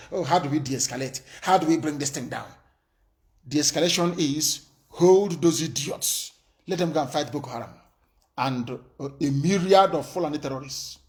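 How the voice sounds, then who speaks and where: A man giving an impassioned, defiant political address, emphatic and full of rhetorical questions. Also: on the high side. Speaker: political broadcaster.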